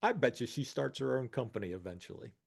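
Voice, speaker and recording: A man's voice: mid-range voice, big pitch swings, fast, gravelly, darkish tone, slightly rough. A man in his sixties co-hosting a podcast, explaining ideas in a reflective, casual way. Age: 60s. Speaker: podcast co-host. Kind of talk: casual chat.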